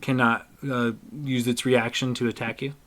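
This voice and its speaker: A man narrating a tabletop game as game master, halting with many fillers. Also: medium pitch, little pitch movement, fairly bright tone.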